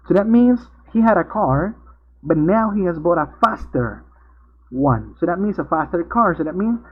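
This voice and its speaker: A man's voice: high voice, breathy edge. A male English teacher, patiently explaining grammar step by step in an online class. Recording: tinny narrowband video-call audio.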